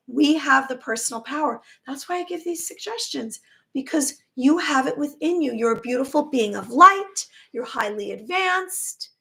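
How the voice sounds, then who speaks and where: A woman talking casually on a live stream as a spiritual teacher, warm in her encouragement and tripping over words, her voice going hoarse. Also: high-pitched. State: losing her voice.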